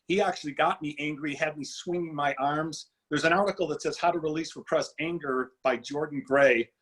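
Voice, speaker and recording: A middle-aged man telling his story in an interview, animated and acting out quoted dialogue. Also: a little high, a little fast, rough recording. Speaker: guest speaker.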